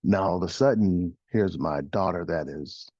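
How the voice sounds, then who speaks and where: Husky low-voiced middle-aged man coaching. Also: moderate pace, a little mellow, no room sound, highs cut off. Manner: emphatic, repeats phrases, poses rhetorical questions. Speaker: host and life coach. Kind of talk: motivational talk. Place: studio.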